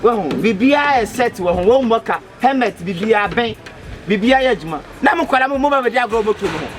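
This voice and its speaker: High-voiced pleading Ghanaian man. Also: expressive, fast talker, fairly bright tone, soft background music. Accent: Ghanaian Twi. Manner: pleading, stammering repetitions. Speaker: comedy skit actor, fake motor rider. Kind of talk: Ghanaian comedy skit dialogue.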